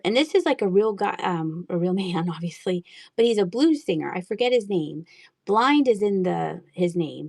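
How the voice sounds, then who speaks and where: A woman's voice: mid-range voice, gravelly, a little mellow. A woman selling thrift finds on a casual live stream, chatty and giggly, rambling through asides. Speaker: online thrift seller.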